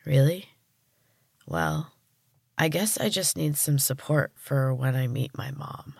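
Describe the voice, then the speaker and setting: A woman voicing a solemn young woman who is turning into a tree creature, speaking slowly in a breathy, weary voice. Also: a bass voice, big pitch swings, a little mellow, dry recording, studio quality, exaggerated voice.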